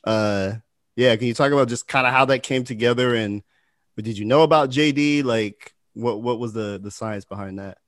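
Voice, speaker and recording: A man's voice: mid-range voice, moderate pace, no room sound, studio quality. A man hosting an interview, asking questions in a loose, stumbling way and repeating words. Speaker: interviewer host. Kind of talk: conversational interview.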